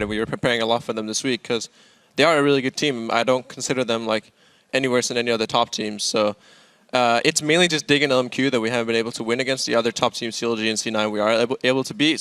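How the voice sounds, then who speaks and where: A man's voice: mid-range voice, a bit bright, no echo. A man answering post-match interview questions as a pro gamer, recounting plays in a candid, upbeat way.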